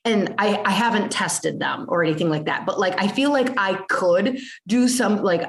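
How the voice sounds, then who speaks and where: A woman's voice: medium pitch, normal speed. A woman hosting a podcast interview, talking casually with frequent fillers and restarts. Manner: chatty, with lots of "like" fillers and restarts. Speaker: podcast host.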